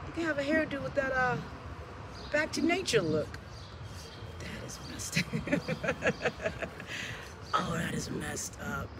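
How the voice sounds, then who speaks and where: Outdoors and filming on her phone, a woman with a high-sitting voice chats casually about her dogs, scolding them playfully and laughing. She loudly and pleadingly calls for her things back over heavy background noise.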